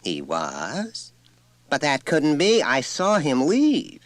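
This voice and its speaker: A man's voice: a little high, wildly swooping pitch, slow, dry recording, pitched above the performer's own voice, heavily acted. A man voicing a proud, well-bred mother who answers in a chilly, indignant, emphatic way, in a dry audiobook reading. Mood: haughty. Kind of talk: audiobook character voice.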